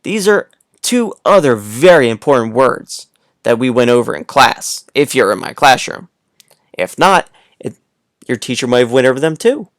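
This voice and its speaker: A man's voice: medium pitch, sing-song, moderate pace, no echo, clean studio sound. A man teaching a read-aloud lesson to young children, playful and coaxing, speaking straight to the listener.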